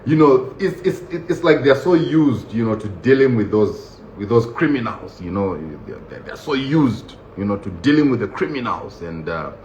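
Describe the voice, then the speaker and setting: A man casually recounting a personal story in a lively, laughing way, acting out what others said, with many fillers. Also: fairly low pitch. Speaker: vlogger recounting his prison experience. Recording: dull, roomy recording with faint noise.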